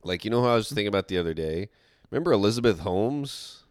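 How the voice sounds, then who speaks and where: A man co-hosting a podcast in casual chat, dry and deadpan in his jokes. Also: fairly low pitch, fast talker, no room sound. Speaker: podcast co-host.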